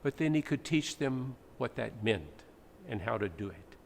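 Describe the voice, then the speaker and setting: Animated but measured, this pastor's creaky mid-range voice carries an explanatory, teacherly sermon with dramatic readings. The church sanctuary gives the recording an echo, with faint noise underneath.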